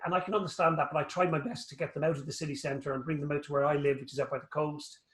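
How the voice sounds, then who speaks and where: Chatty Irish man, slightly high, recorded in an echoey room. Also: rapid-fire. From Northern Ireland. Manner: rambling, animated storyteller, joking. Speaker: guest, anatomist. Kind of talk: casual interview chat.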